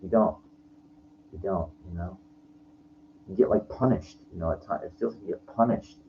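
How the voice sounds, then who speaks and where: A man in his forties with a lowish voice vents in a rambling, profane personal rant. He restarts his sentences again and again, and the recording is lo-fi with faint noise underneath. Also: moderate pace, vocal fry. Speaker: vlogger. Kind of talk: frustrated personal rant to camera.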